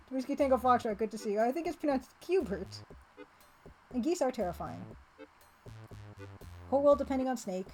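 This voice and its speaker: A woman's voice: sits high, sing-song, moderate pace, pauses often, a little mellow, faint music behind, poor audio. A woman streamer chatting casually and laughing often as she plays a retro game, reading its text aloud. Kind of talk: casual live-stream chat while playing a retro game.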